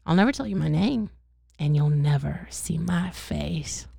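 A woman's voice: deep voice, expressive, unhurried, gravelly, warm tone, husky, no echo, studio quality, heavily acted. A woman reading as a cursing traitor frozen in ice. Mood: defiant. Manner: foul-mouthed, spitting insults.

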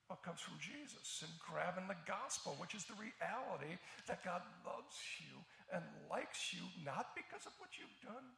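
A man preaching a sermon with passion, dropping to quiet lines and rising to shouted peaks. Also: high-pitched, creaky, roomy sound. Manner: impassioned, swings between quiet and shouted peaks.

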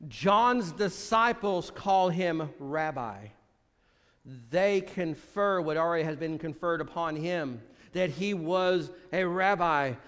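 A man preaching a sermon as pastor, often dropping low and quiet to stress a point. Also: takes it slowly, in a large hall.

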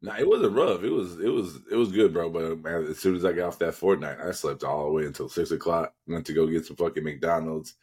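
A man's voice: sits low, brisk, hardly any pauses, a little mellow, slightly rough. A young man telling a rambling, profane story in casual podcast chat. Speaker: podcast co-host.

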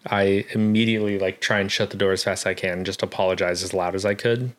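Young guy rambling thru a story, swears a lot, laughs, lowish voice. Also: flat delivery, fast talker. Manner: rambling, profane, laughs often. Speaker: podcast co-host. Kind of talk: casual storytelling chat.

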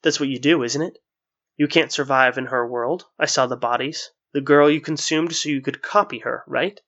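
A man voicing a jovial, jester-like male watcher who turns commanding and sharp, in a slightly muffled lo-fi recording. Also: mid-range voice, normal speed. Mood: angry.

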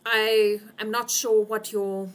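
A woman's voice: mid-range voice, level tone, slow pace, close to an everyday voice. A woman voicing a stiff, haughty male butler in a tabletop game, speaking in formal, clipped and disdainful tones.

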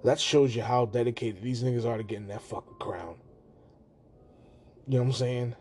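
A man casually and profanely retelling a movie scene on his podcast, slipping into quick put-on voices for the characters. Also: medium pitch, fairly even intonation, a little mellow, husky, soft background music. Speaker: podcast host.

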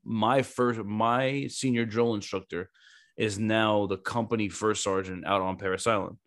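A lower-pitched man hosts a podcast in casual talk. He is animated and swears freely, stringing his stories together in long run-on stretches. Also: unhurried. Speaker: podcast host, former Marine recruiter. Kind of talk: casual chat.

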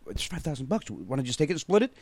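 A man's voice: medium pitch, racing, no echo, studio quality. A man guesting on a comedy podcast, joking and breaking into silly voices. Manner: animated, jokey, bursts into voices. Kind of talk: casual comedic chat.

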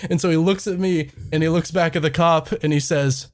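A man's voice: fairly high pitch, steady tone, brisk. A young man casually telling a funny story on a podcast, swearing freely and laughing often as he talks. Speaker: podcast host.

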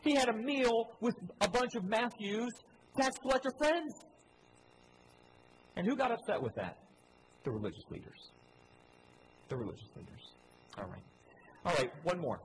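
A man preaching a sermon, repeating key phrases, asking the congregation questions, and swinging between loud emphatic lines and low quiet ones. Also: background noise. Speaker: pastor. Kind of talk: sermon with slides.

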